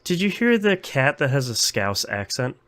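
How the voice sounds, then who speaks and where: A man's voice: medium pitch, sing-song, moderate pace, fairly bright tone, no echo. A man from the United States co-hosting a podcast in an easygoing, enthusiastic way. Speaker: podcast co-host. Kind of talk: casual chat.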